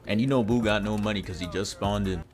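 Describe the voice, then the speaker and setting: A man's voice: fairly low pitch, fast talker. A man narrating an anime fight as comedy, in a mocking, slangy and profane way. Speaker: YouTuber recapping an anime fight. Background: music.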